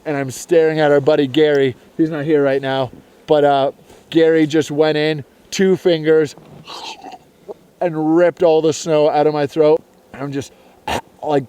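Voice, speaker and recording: A man's voice: fairly high pitch, dark tone, clear, resonant tone. A young man telling a story in casual slang on an outdoor vlog from a snowy mountain slope. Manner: casual, laid-back slang. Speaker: snowboarder.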